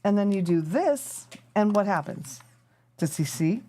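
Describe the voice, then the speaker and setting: Animated, mellow-voiced woman chatting on a live stream. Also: mid-range voice, a little slow. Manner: chatty and rambling, thinking aloud while tinkering. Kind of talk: casual chat to a live audience.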